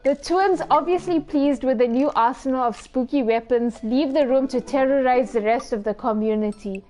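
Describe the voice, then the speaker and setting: Playful high-voiced woman reading a game. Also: normal speed, dark tone, soft background music. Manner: playful, giggly, teasing asides. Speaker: gaming video host. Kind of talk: reading a dating game aloud with live commentary.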